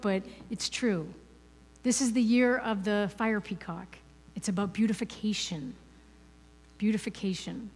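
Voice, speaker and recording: A woman guest speaker gives a conversational, playful spiritual talk in a church hall, posing rhetorical questions to the audience. Her mid-range voice is darkish with a breathy edge, and the hall is reverberant.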